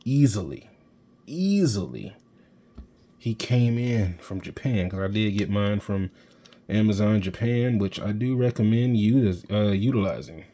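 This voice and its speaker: A man reviewing an action figure in excited, rambling casual talk, geeking out. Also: on the low side, moderate pace. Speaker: toy reviewer. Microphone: handheld camera mic.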